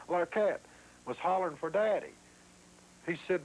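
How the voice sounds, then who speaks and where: A man's voice: on the high side, fairly quick, rough recording. A man telling his story in a documentary interview, acting out what others said. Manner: vivid retelling, acting out quoted voices.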